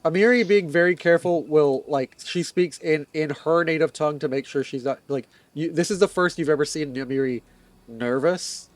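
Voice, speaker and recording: A man's voice: on the high side, normal speed, no echo, soft background music. Man narrating as game master. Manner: loose, rambling narration with fillers.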